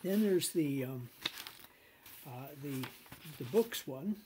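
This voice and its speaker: A middle-aged man teaching business law in a conversational lecture, telling stories, acting out quoted voices and clearing his throat often. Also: on the high side, lively intonation, slow, background noise. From Canada.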